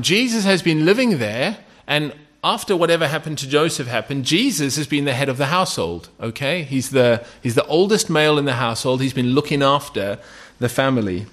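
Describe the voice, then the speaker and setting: A man's voice: mid-range voice, lively intonation, a little fast, few pauses, a bit bright. A man preaching a sermon in a conversational way, often checking in with "okay?" and asking rhetorical questions.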